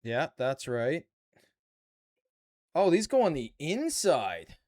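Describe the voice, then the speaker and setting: A man's voice: on the high side, wildly swooping pitch, takes it slowly, a little mellow. A Canadian man with a Canadian accent, casually chatting and bantering with his viewers while building a model kit on a live stream. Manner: chatty, playful banter with chat.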